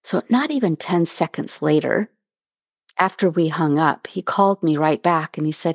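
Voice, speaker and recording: A woman's voice: low-pitched, moderate pace, no room sound. A middle-aged woman hosting a podcast, telling a personal story in an earnest, reflective way. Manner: earnest, reflective retelling with reenacted dialogue. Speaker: podcast host.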